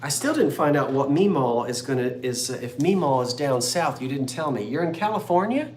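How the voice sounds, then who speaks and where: A man's voice: mid-range voice, expressive, a little fast, darkish tone, echoey room. A man in his fifties hosting a live online antique sale, rambling and joking as he reads out viewers' comments. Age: 50s. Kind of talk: chatty live-stream sales talk.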